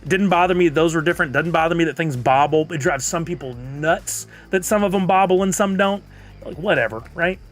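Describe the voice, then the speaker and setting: A man's voice: on the high side, fairly quick, soft background music. A man streaming live, chatting casually and answering viewers' comments. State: has the hiccups.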